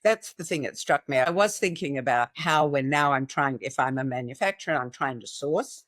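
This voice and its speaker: Woman, podcast host, enthusiastic, lively, conversational, close dry sound. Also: extremely low pitch, normal speed, no echo. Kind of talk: conversational interview.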